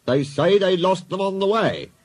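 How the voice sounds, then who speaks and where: A man's voice: high voice, lively intonation, normal speed, voice pushed up. A man doing a deferential railway inspector. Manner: deferential and formal. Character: dutiful male railway inspector. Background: background music.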